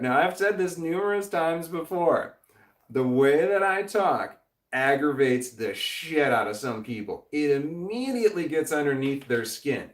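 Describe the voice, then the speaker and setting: A man hosting a casual livestream, reading chat aloud, rambling, swearing often and laughing a lot. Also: medium pitch. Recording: roomy echo.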